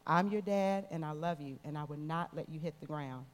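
A woman reading the lines of a calm, loving father who reassures his daughter, in soft gentle tones in a reverberant hall. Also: normal speed, natural voice. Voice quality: deep, calm. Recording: long reverb in a large hall.

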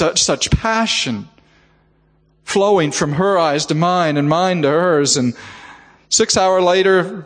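A man's voice: sits high, a little slow, in a large hall. A man preaching a sermon, telling a heartfelt personal story and often repeating the word "just.".

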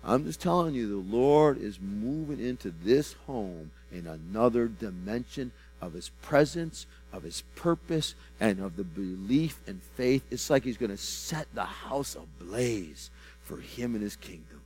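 A man's voice: fairly low pitch, animated, a little slow, soft background music, low-quality recording. Fervent man speaking a prophetic word. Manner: fervent, with sudden loud bursts and soft drops; repeats phrases and stammers into restarts. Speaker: minister giving a personal prophecy. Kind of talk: prophetic ministry.

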